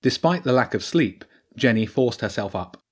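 A man narrating an audiobook in a calm, even storytelling manner. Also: mid-range voice, normal speed.

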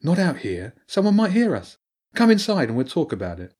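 A man voicing a defiant older teenage girl in an audiobook, talking sharp and dismissive. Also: a little high, huge pitch swings, a little fast, husky, voice pushed up, exaggerated voice.

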